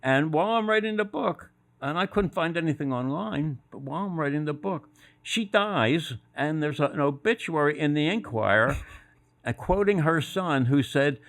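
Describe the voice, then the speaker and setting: Animated older man spinning lively anecdotes. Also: on the high side, moderate pace. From Philadelphia area. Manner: animated anecdotal storyteller, laughs at own stories. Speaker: guest, former sports executive. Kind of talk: casual storytelling interview.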